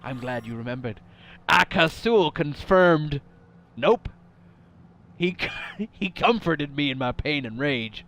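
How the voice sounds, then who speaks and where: A game streamer gives casual let's-play commentary on the video game he's playing, joking playfully, laughing often and adding mock-dramatic asides. His voice is fairly high, gravelly and fairly bright, animated yet slow.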